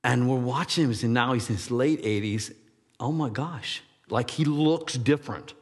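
A pastor in his sixties delivers a loose, conversational sermon, wandering off track and joking at his own expense. His voice sits at an ordinary pitch for a man. The sound rings on in a long hall reverb. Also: moderate pace, breathy edge. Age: 60s. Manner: rambling, self-deprecating, laughs at himself.

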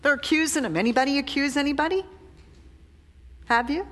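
A woman's voice: high-pitched, fairly bright tone. A woman preaching a sermon, reading scripture aloud and adding her own commentary, sometimes dropping almost to a whisper. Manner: slow, deliberate, drops to a near whisper when confessing. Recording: long hall reverb.

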